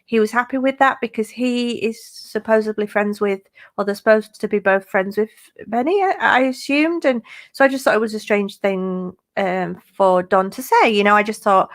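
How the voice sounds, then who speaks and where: A woman's voice: mid-range voice, normal speed. A woman hosting a true crime live stream, chatting casually and rambling with many fillers. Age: adult parent. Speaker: true crime YouTube host.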